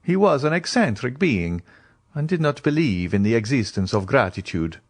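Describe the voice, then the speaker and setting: A man reading an audiobook voices a grave, reserved nobleman, speaking in measured tones. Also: mid-range voice, sing-song, no room sound, voice pushed up. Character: grave, mysterious nobleman, restrained.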